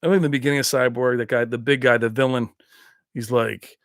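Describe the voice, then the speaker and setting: A man's voice: mid-range voice, steady tone, quick pace, no echo, studio quality. A man hosting a casual home livestream about TVs, rambling loosely after a few drinks and laughing often. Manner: laughs often, slips into movie impressions. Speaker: tech livestream host. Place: his own home.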